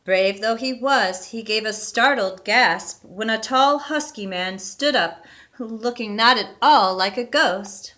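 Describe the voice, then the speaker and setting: A woman reading a storybook aloud with steady, expressive narration. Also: on the high side, slow pace.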